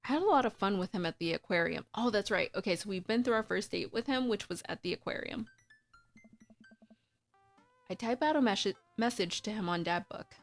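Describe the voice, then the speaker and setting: Raspy-voiced chatty woman streamer. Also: mid-range voice, animated, brisk, faint music behind. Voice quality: raspy, husky. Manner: chatty, talkative. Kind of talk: casual let's-play commentary, reading game text aloud.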